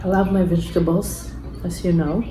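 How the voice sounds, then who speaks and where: A woman from the Philippines hosting a family mukbang vlog, chatting slowly and coaxing her child. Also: on the low side, steady tone. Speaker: vlogger mother hosting a mukbang. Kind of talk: casual family vlog chat. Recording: echoey room with faint background hum.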